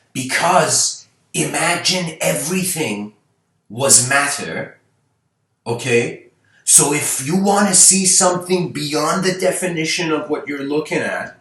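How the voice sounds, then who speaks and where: A man's voice: medium pitch, a bit bright, echoey room, poor audio. A man giving an unscripted spiritual talk, musing aloud and full of rhetorical questions. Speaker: spiritual lecturer.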